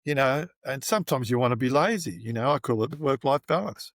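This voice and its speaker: A man's voice: mid-range voice, lively intonation, fast talker, no echo, clean studio sound. A middle-aged Australian man telling a long story as an interview guest, rambling with plenty of fillers and restarts.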